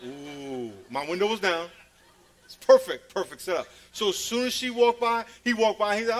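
A man preaching a sermon, telling playful stories, laughing at his own jokes and swinging from loud calls to a hush. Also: sits high, moderate pace.

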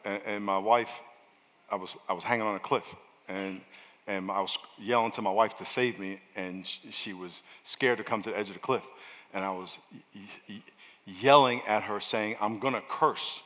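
A middle-aged male pastor preaching a sermon with lots of energy, switching between loud, fiery shouting and quiet, chatty asides to the congregation. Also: fairly low pitch, fairly even intonation, moderate pace. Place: large church hall. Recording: long echo of a large hall.

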